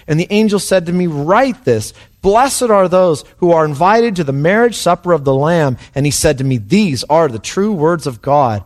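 A man preaching a sermon with passion, his delivery dropping to hushed and rising to soaring. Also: on the high side, lively intonation, normal speed, hardly any pauses. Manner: impassioned, swings between hushed and soaring. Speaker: pastor.

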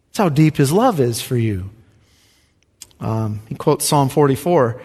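A male pastor preaching a sermon, emphatic, his voice surging loud and then dropping to a hush. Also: mid-range voice, animated, measured pace, pauses often, breathy edge. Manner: emphatic, swinging from loud rises to hushed drops. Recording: reverberant hall.

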